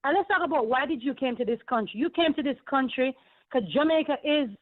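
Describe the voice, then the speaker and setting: A woman's voice: high-pitched, a little fast. A woman from the Caribbean with a Caribbean accent, calling into a show and ranting in an emphatic, rambling, indignant way. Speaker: caller. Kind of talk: call-in radio rant. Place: home in New York. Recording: tinny phone line.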